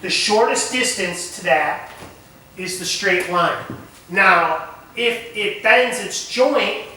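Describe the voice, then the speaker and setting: A man teaching a camp nature lesson, animated and asking the group questions. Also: high voice, takes it slowly, slight background noise. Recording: echoey room recorded from far off.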